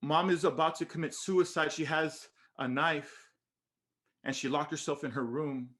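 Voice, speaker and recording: A man's voice: on the high side, fairly even intonation, normal speed, a bit bright, natural voice. A man voicing his panicked young sister, screaming and pleading for help.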